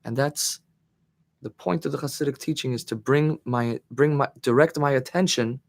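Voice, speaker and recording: Man, rabbi giving a Torah class, thoughtful lecture, pauses and restarts, stresses key words, answers the class. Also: medium pitch, creaky. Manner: thoughtful, searching for words, emphatic on key phrases.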